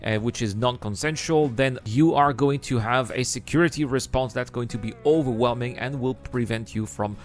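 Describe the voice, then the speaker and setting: A man narrating a countdown list video, measured and explanatory as he makes his case point by point. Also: medium pitch, faint music behind.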